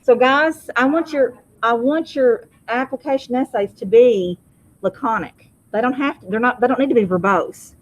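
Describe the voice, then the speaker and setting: A woman's voice: on the high side, moderate pace, dull audio. Woman teacher drilling vocabulary in class. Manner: drills pronunciation, asks class to repeat words. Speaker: high school English teacher.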